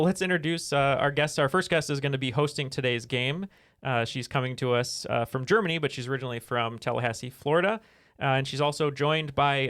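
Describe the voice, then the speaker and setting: A man hosts a podcast in casual, jokey banter. He talks fast at a middle pitch, recorded in a studio. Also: fairly bright tone. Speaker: podcast host. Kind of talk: casual chat.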